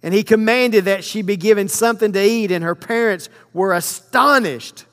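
High-voiced preacher in a reverberant hall. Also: male voice, a bit bright. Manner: reads verses slowly, then explains with emphasis. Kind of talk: sermon with scripture reading.

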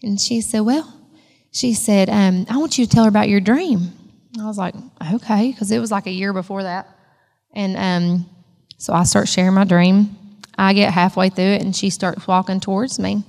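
Woman with a gravelly voice telling her testimony. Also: mid-range voice, fairly even intonation, moderate pace, a little mellow, big-room sound. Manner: emotional, storytelling. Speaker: church member giving testimony. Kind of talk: personal testimony.

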